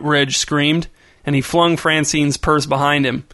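A man narrating a story in an even, storytelling manner. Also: on the high side, a little slow, no room sound, clean studio sound. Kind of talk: audiobook narration.

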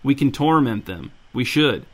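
A teenage ringleader, cold and calculating, speaks in clipped, insistent lines, as a man reads him. The voice sits at an ordinary middle pitch. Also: big pitch swings, a little slow. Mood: calm, scheming. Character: scheming teen boy ringleader, cold and commanding.

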